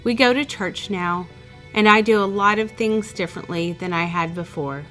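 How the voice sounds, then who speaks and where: A woman calmly reading out a first-person story as the channel's narrator, in an even storytelling delivery. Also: mid-range voice, normal speed, faint music behind. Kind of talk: scripted narration of a reader's story.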